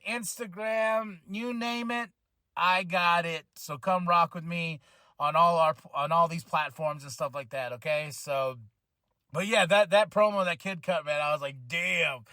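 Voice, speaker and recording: A man hosting his own wrestling podcast in casual chat, excitable and rambling, with many restarts and bursts of laughter. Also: sits high, no echo, clean studio sound. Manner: excitable, rambling, quick restarts and self-corrections; breaks into laughter and shouted exclamations.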